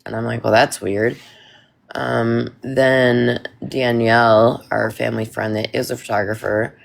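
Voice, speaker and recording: A woman with a gravelly, fry-laced voice tells a story in a casual chat. She rambles and restarts, leaning hard on emphatic lines. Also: extremely low pitch, little pitch movement, measured pace.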